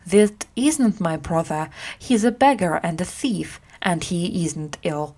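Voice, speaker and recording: Woman doing a stubborn boy king in a storybook, slow and proud. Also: lowish voice, a little mellow.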